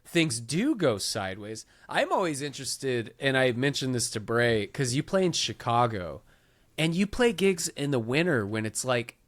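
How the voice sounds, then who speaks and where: A man co-hosts a casual podcast, tossing in quick wisecracks. His intonation moves up and down a lot. He is heard over a video call. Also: medium pitch. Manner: wisecracking, lively. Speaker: podcast co-host. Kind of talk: casual chat.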